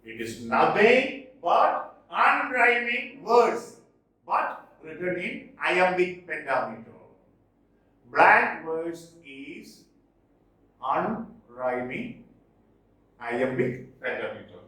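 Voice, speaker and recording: A man teaching a literature lesson, repeating key terms slowly and stressing what matters for exams. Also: fairly high pitch, sing-song, bright, forceful tone. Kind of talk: classroom lecture. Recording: echoey room, voice far from mic.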